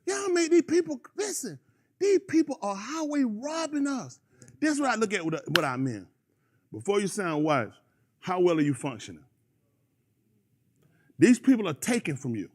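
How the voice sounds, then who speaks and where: A man hosting a radio show, ranting in an animated, rambling casual chat. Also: extremely high pitch, moderate pace, pauses often.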